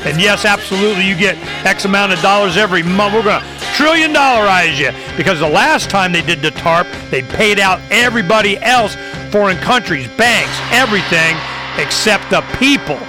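A male podcast host chatting casually, animated and riffing with exclamations. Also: high-pitched, fairly quick, music in the background. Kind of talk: casual chat.

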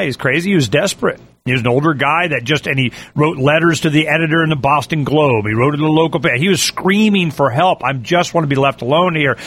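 A man delivering a rambling political monologue, full of fillers and animated asides. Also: mid-range voice. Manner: animated, repetitive fillers, mimics yelling.

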